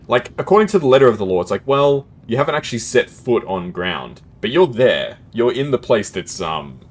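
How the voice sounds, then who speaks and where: A man's voice: mid-range voice, very animated, fairly quick. A man casually commentating his gameplay as a streamer, chatty and laughing often, with keyboard typing close to the mic.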